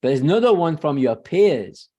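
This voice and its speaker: A man who is a real estate sales trainer, talking as a webinar guest in a confident, emphatic way with quick self-corrections. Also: a little high, sing-song, dark tone.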